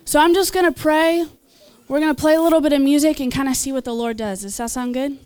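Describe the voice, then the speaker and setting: A woman's voice: high-pitched, steady tone, fast, darkish tone. A woman preaching and leading prayer at a church gathering, earnest and encouraging, with small asides and laughs. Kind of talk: sermon and altar call.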